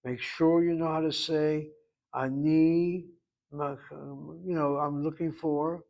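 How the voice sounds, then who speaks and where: A man with a somewhat high voice teaching a language class. He explains grammar patiently but wanders into side remarks, repeating words slowly for students to copy. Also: fairly even intonation, gravelly, a little mellow, muffled recording. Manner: explanatory, digressive, drills pronunciation. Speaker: Hebrew teacher.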